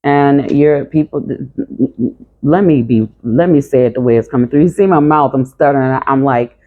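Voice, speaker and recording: A woman giving a tarot reading to camera in a calm, monotone channeling voice. She speaks bluntly and casually, with some swearing. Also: a bass voice, moderate pace. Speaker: tarot reader. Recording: tinny phone-like sound.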